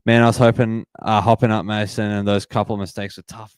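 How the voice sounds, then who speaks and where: An excitable Australian man in his twenties hosts a live sports watch party, greeting viewers and reading their comments. His voice sits fairly low but comes through smooth and clear. The sound is dry and close, with little room. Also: a little fast, few pauses, dry recording. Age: 20s. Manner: upbeat, reads and greets chat viewers, repeats phrases. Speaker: livestream host.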